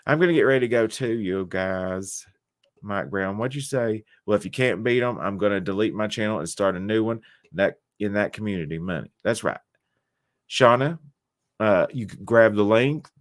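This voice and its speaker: A man's voice: on the low side, normal speed, dry recording, clean studio sound. A man hosting a casual livestream, reading and answering viewer chat with jokes and teasing, a little tipsy from wine. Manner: chatty, teasing, joking with chat. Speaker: livestream host.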